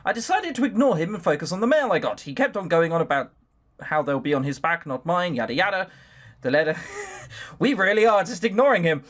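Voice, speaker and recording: A man reads a visual novel aloud and breaks off into rambling, jokey asides. His voice is high for a man and very animated, jumping all over its range. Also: a little fast. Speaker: let's player.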